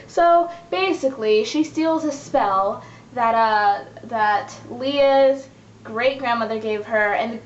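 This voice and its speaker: A woman's voice: fairly high pitch, slow pace. A young woman recapping her web series in a casual, chatty vlog, acting out the characters' lines as she goes. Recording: echoey room, dull lo-fi sound, faint hiss.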